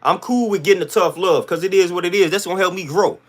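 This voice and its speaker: A man's voice: sits high, fast talker. A man hosting a livestream, ranting to his chat in an emphatic, blunt, slang-heavy way that keeps repeating its points. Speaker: livestream host.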